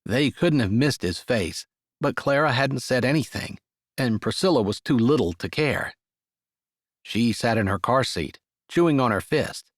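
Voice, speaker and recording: A male audiobook narrator reads a romance in a measured, steady storytelling manner. His voice sits in an ordinary middle range. The recording is close and completely dry. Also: mid-range voice, no room sound. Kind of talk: scripted narration.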